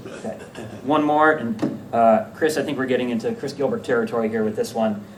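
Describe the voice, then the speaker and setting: A man giving a conference talk about slides, lively and self-correcting, often checking in with the audience. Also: medium pitch, a little fast. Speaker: academic conference presenter. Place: lecture room at a conference. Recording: echoey room, distant mic, faint hiss.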